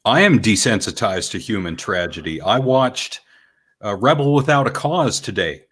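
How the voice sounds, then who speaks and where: A man co-hosting a podcast, chatting casually in a calm, dry, measured way. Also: fairly low pitch, breathy edge. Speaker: podcast co-host. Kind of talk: casual chat.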